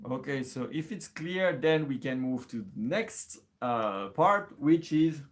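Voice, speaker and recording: A man's voice: mid-range voice, expressive, slow pace. A man giving a casual music lesson, thinking aloud, hesitating and restarting with many fillers. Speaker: music teacher.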